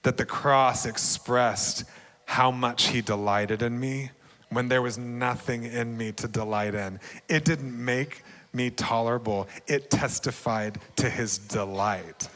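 Earnest young male preacher, warm testimony with frequent light laughs, long hall reverb. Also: mid-range voice, slow pace. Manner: earnest, laughs often, bursts into excited shouting. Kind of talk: sermon testimony.

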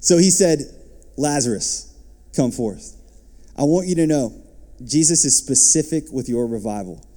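Male pastor, mellow timbre, animated sermon delivery. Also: fairly high pitch, moderate pace. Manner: animated preaching, rising and dropping to soft asides.

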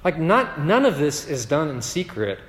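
A man's voice: on the high side, very animated, normal speed. A man preaching a sermon in a conversational way, often checking in with "right?". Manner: conversational, keeps asking "right?". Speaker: pastor. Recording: long hall reverb.

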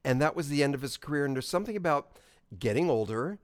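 A man co-hosting a podcast in casual chat, his voice sitting a little high and swinging widely in pitch. He wanders into tangents with animated energy. The sound is dry and close. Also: quick pace, dry recording. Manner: animated, tangent-prone storyteller. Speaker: podcast co-host.

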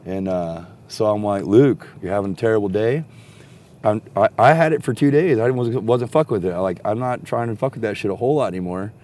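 Rambling low-voiced man telling a wild story. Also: fairly quick, hardly any pauses. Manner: rambling, animated, heavy swearing, acts out quotes. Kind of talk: casual profane storytelling.

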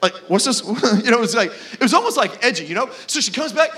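A man preaching a sermon as pastor, casual and animated, with lots of fillers while telling stories. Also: extremely high pitch, rapid-fire, hardly any pauses. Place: church.

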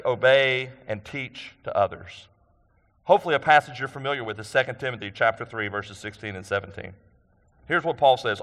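A man's voice: medium pitch, a bit bright, long reverb tail. A man preaching a sermon in a conversational way, asking the congregation questions and repeating phrases for emphasis. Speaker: pastor.

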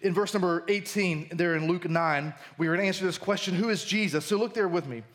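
High-voiced man preaching a sermon. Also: fairly quick, fairly bright tone. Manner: conversational, emphatic preaching. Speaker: pastor. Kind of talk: sermon with scripture reading. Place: church service.

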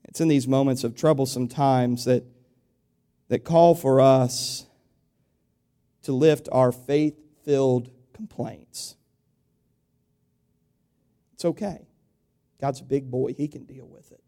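Speaking to his congregation, this male pastor preaches conversationally and asks rhetorical questions, swelling in volume and then dropping to a hushed, confiding register. He talks slowly in a steady, medium-pitched voice, pausing often.

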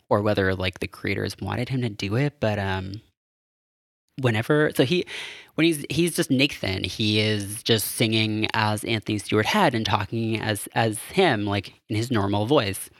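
A man's voice: fairly low pitch, fairly bright tone, dry recording, clean studio sound. A man casually recapping a film as a podcast host, rambling and amused with lots of fillers. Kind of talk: casual chat.

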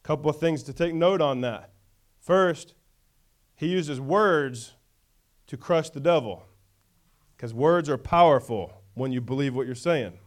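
A man's voice: fairly high pitch, a little slow, pauses often. A male pastor preaching a conversational sermon, often checking in with the congregation.

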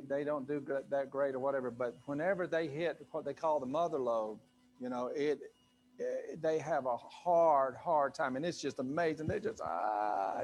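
A male pastor preaching to a live congregation in a loose, conversational way, full of fillers and asides. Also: fairly high pitch. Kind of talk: sermon. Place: church sanctuary with a live congregation.

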